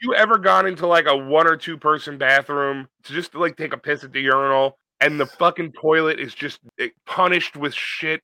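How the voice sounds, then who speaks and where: Bright-voiced sarcastic man. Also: a little high, normal speed, few pauses, no echo, low-quality recording. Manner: sarcastic, teasing. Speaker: podcast co-host. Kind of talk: casual chat.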